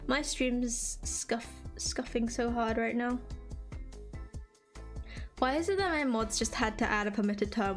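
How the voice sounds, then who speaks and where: A young Englishwoman chats casually with her stream viewers, chirpy and rambling, with lots of fillers. Her voice is on the high side and steady at a moderate pace, with faint music in the background.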